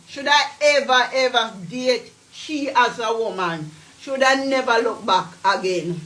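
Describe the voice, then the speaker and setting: Brash high-voiced Jamaican woman ranting. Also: expressive, a little slow, fairly bright tone, reverberant, slight background noise, poor audio. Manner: brash, taunting, heavy patois. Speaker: vlogger. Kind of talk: ranting monologue.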